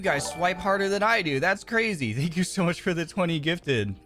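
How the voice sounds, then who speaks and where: A man's voice: on the high side, big pitch swings, moderate pace, few pauses, bright, forceful tone, soft background music. A young man on a casual livestream, cheerfully welcoming viewers by name and thanking them, often stumbling over names. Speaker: streamer.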